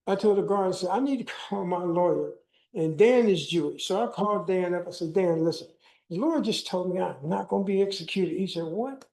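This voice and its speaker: A man's voice: high-pitched, brisk, gravelly, darkish tone, low-quality recording. An older man giving a keynote talk, telling a personal story and acting out the dialogue. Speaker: keynote speaker. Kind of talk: personal testimony speech.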